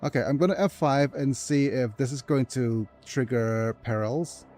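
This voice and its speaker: A man playing through a strategy game, talking softly and hesitantly as he reads menus and plans quests. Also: normal speed, slight background noise. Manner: soft low-key delivery, calling it his ASMR voice. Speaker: gaming video host. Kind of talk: let's play commentary.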